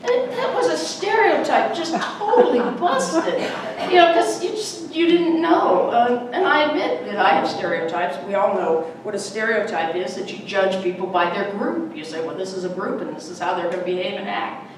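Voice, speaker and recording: A middle-aged woman giving a Sunday talk in a church, a lively storyteller who acts out the voices in her anecdotes. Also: medium pitch, normal speed, crowd noise. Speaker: guest speaker. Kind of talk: Sunday talk with personal stories. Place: church sanctuary. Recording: echoey hall, mic from far off.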